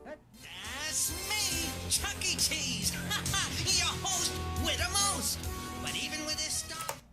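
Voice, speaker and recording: A cheery mouse mascot who hosts like a showman and talks slowly. Music plays clearly behind him in this clip. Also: high-pitched, lively intonation, sharp tone, exaggerated voice. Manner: upbeat showman patter.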